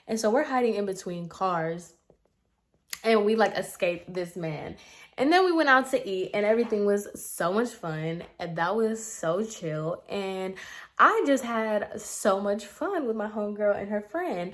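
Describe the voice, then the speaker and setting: A woman's voice: mid-range voice, moderate pace. Young woman, casual get-ready-with-me vlogger; talkative, filler-heavy storyteller, mid-range voice. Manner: chatty, animated, filler-heavy with lots of "like". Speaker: beauty vlogger. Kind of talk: casual storytelling while doing makeup.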